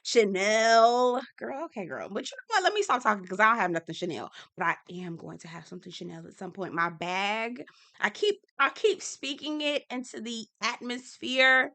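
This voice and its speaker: A sassy woman with a lilt, talking through a reality show recap in an easy, gossipy way. Her voice is bright and forward. She talks at home in her office. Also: medium pitch, fairly quick. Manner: sassy and expressive, slangy asides. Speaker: TV recap host.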